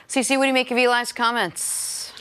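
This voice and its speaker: A woman reads sports headlines with crisp newsreader timing and tosses in light asides. Her voice sits somewhat high. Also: level tone, brisk, a bit bright. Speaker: news update host. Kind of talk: reading sports headlines on a talk show.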